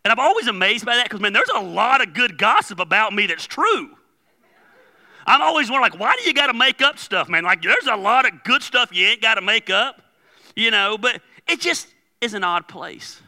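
A man's voice: high voice, sing-song, moderate pace, bright, forceful tone. A male pastor preaching in a loose, conversational way, telling stories and acting out the dialogue. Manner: conversational storytelling with laughs and quoted dialogue. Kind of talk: sermon.

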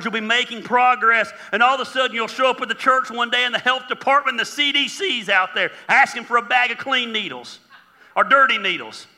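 A pastor preaching a sermon in a church, talking conversationally and joking with mocking asides. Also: male voice, extremely high pitch, bright, forceful tone. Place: church auditorium. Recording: long hall reverb.

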